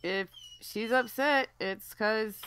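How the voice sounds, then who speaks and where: A woman's voice: a little high, slow pace, fairly bright tone, smooth. A woman co-hosting a casual live stream, blunt, mocking and swearing freely. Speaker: podcast co-host.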